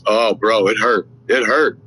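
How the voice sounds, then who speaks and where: Animated man in his fifties, bright voice. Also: lowish voice, breathy edge. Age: 50s. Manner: animated storyteller, acts out dialogue with quick voice shifts. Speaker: podcast co-host. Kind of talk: casual chat.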